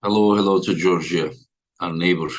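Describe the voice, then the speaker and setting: A man's voice: sits low, fairly even intonation, normal speed. A tired man hosting a livestream in casual chat, greeting his viewers by name one after another. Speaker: livestream host.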